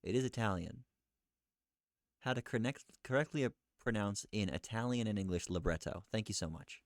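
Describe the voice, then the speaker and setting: A man with a fairly low voice muses out loud while he searches for answers, asking himself questions and reading results back haltingly. The sound is dry and close, with no room to it. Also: no echo. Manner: muttering, self-questioning, reading aloud haltingly. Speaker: streamer researching live.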